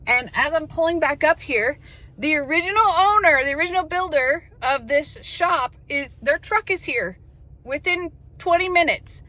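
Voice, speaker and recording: A woman's voice: sits high, lively intonation, normal speed, sharp tone, poor audio. A woman chatting casually in a vlog as she runs errands, heartfelt and talkative, filmed on a handheld phone. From Texas. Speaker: vlogger. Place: in a vehicle and on errands.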